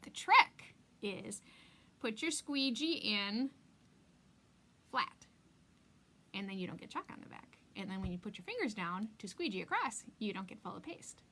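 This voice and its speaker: A woman's voice: mid-range voice, big pitch swings, unhurried, long pauses, bright, forceful tone, a little hiss or hum. A chatty woman demonstrates a craft live, easily distracted, laughing often and dropping to a whisper for asides. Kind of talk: live craft tutorial with chat.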